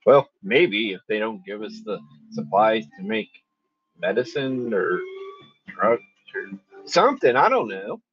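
A man playing a tabletop game, talking in a lively, playful way. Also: lowish voice, unhurried, long pauses, lo-fi sound, slight background noise. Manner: lively, playful in-character lines. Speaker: player. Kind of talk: casual tabletop play.

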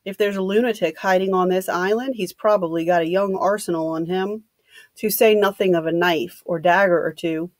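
A woman reading the lines of a blunt, gruff man, an ex-policeman, in a dry room. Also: on the low side, steady tone, normal speed, dry recording, natural voice.

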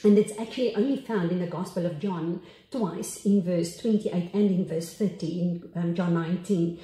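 A woman pastor with a South African accent giving a sermon, reading scripture slowly and reverently, pausing and restarting now and then. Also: on the low side, warm tone. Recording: echoey room.

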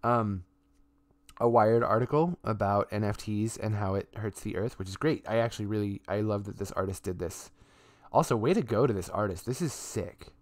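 Male streamer at a home setup, lowish voice, dry close sound, rambling and loose with the swearing. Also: moderate pace, no echo. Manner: rambling, with many fillers and restarts; offhand swearing. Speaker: streamer and artist. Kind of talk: casual live-stream chat.

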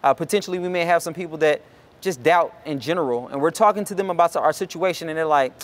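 A man's voice: a little high, quick pace. A man preaching a sermon, casual and conversational, acting out the people in the story. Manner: acts out Bible characters in lively voices. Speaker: pastor.

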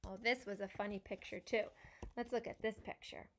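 A young woman speech-language pathologist reading a picture book to children, asking questions and praising answers slowly and encouragingly. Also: medium pitch, fairly even intonation, fairly bright tone, a little hiss or hum.

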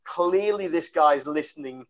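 A man's voice: on the high side, unhurried, a crowd in the background. Rambling male podcast host. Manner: rambling, full of fillers and laughter. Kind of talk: casual chat. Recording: dull lo-fi podcast audio.

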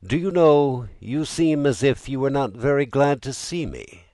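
Man voicing older father, wry, teasing, confident, lively pitch, close dry mic. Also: a little slow, no room sound. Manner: wry, teasing, self-assured.

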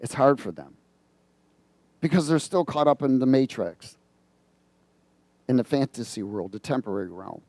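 Call-and-response preacher, a man with a mellow voice. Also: medium pitch, normal speed, long pauses, no echo. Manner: prompts the congregation to fill in words; reads scripture aloud and comments on it. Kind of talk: sermon.

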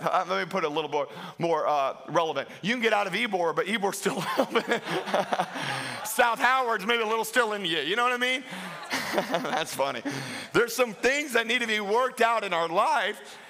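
A man's voice: sits high, lively intonation, normal speed, bright, forceful tone. A man preaching a sermon as pastor, telling stories with self-mocking humor, laughing and acting out other people's voices. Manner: acts out quoted voices.

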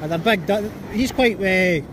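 A man's voice: high-pitched, a little slow, crowd noise. Sweary Scottish man walking his dog. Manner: blunt, sweary, commanding the dog. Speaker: dog trainer vlogger. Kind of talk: livestream vlog while walking a dog. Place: outdoors on a seafront by a road.

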